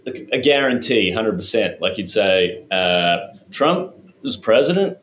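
A man's voice: lowish voice, lively intonation, measured pace, fairly bright tone, roomy sound, slight background noise. A man with an Australian accent, chatting casually on a podcast in a rambling, laid-back way with plenty of fillers. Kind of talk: casual chat.

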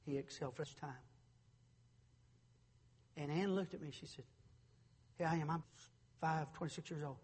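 A middle-aged male pastor preaching a sermon in a church, moving from quiet storytelling to shouted preaching. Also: fairly high pitch, fairly even intonation, moderate pace, pauses often, slightly rough, in a large hall. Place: church sanctuary.

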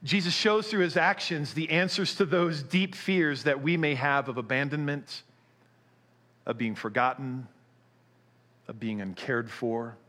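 A middle-aged man preaching a sermon, telling a story with animation before turning quiet and earnest. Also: mid-range voice, measured pace. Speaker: pastor.

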